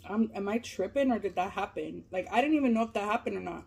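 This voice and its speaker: A woman's voice: medium pitch, normal speed, slightly rough. Profane, chatty woman eating and storytelling. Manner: animated, profane, lots of fillers. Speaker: mukbang vlogger. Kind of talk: casual storytelling while eating.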